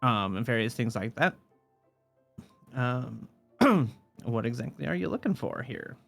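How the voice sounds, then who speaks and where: A man's voice: medium pitch, big pitch swings, unhurried, creaky, fairly bright tone, dry recording, faint music behind. A man narrating a tabletop game as dungeon master, rambling with many fillers and restarts.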